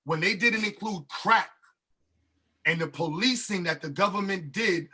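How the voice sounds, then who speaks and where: A man's voice: high voice, a little slow, breathy edge. A man co-hosting a podcast, arguing emphatically in a heated casual debate and talking over the others. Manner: emphatic, talks over others, rises to shouting. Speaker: podcast co-host.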